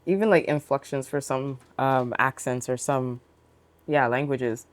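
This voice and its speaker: A podcast co-host speaking in relaxed casual chat, commenting and agreeing with the others. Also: medium pitch, a little slow.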